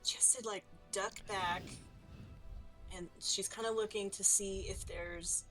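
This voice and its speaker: Woman player, slow and hesitant, thinks aloud, faint music behind. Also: medium pitch, steady tone, a bit bright, low-quality recording. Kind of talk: playing a tabletop game online.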